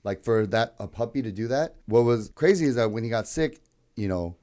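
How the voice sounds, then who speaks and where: A man's voice: medium pitch, lively intonation, brisk, dark tone. A young man co-hosting a podcast, chatting loosely and telling a story with lots of "like". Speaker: podcast co-host. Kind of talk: casual storytelling chat.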